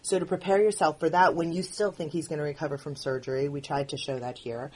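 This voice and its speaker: Husky-voiced woman, earnest and halting. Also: low-pitched, fairly even intonation, a little mellow. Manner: earnest, halting, frequent restarts. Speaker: writer and producer of the show. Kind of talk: candid audio commentary.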